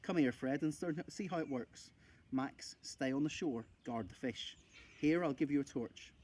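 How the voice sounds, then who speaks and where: A man reading aloud and voicing a gruff male explorer who gives short, firm orders. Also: medium pitch, moderate pace, darkish tone, lightly acted. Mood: commanding. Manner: terse, giving orders.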